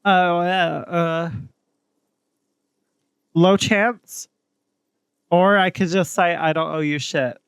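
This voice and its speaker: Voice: medium pitch, fairly even intonation, slow pace, pauses often, clear, resonant tone, no echo. A streamer casually commenting and reading dialogue while playing a game, with chatty asides.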